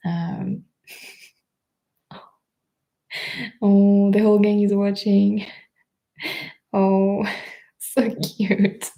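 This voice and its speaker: A young woman with a French accent, hosting a casual live stream, chatting with many fillers and quick laughs. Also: mid-range voice, dark tone. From France. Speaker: live stream host reading chat.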